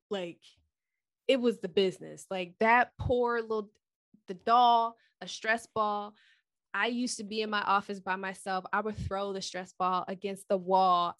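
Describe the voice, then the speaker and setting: A woman talks openly in a relaxed conversation about her own life. Her voice sits at an ordinary pitch and sounds dry and close to the mic. She drops to soft, near-whispered asides, then rises into loud, animated bursts. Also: no echo. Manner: candid, animated storytelling with swings from soft to loud. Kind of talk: casual chat.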